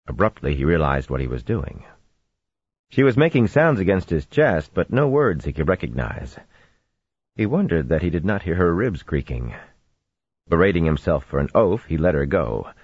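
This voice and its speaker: A man narrating a fantasy audiobook in a steady storytelling voice with expressive swings, on a dull lo-fi recording. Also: rumbling low, breathy edge, no echo.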